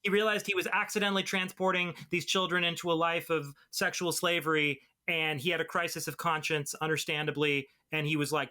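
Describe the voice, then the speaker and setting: A man on a comics podcast with a bright, forceful voice pitched a little high. He lays out the story's turns in careful, articulate detail, and he swears freely along the way. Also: level tone, fairly quick, few pauses. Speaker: podcast co-host. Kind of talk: casual chat.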